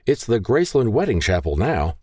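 A man's voice: lowish voice, sing-song, brisk, a little mellow, no room sound, clean studio sound, pitched above the performer's own voice. A man voicing a jovial shuttle driver who announces things to his passengers.

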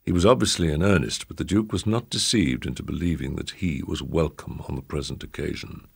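Deep, gravelly male audiobook narrator. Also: fairly quick. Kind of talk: audiobook reading.

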